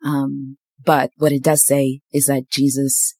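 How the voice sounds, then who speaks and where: A woman's voice: extremely low pitch, level tone, slow pace, dark tone, slightly rough, no echo. A young woman telling a candid personal faith story in casual chat, with frequent ums and likes. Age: young adult. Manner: candid, faith-filled storytelling with lots of fillers. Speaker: podcast host.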